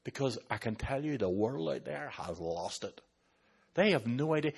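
A man with an Irish accent, a pastor preaching a sermon and telling stories in an animated way, slipping into other people's voices. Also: mid-range voice, moderate pace, vocal fry, slightly rough. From Ireland.

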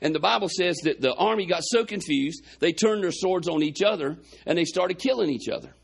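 A man's voice: high-pitched, expressive, a little fast, creaky, husky. A man preaching a sermon, retelling a Bible story in a folksy way with quoted dialogue, his chest congested.

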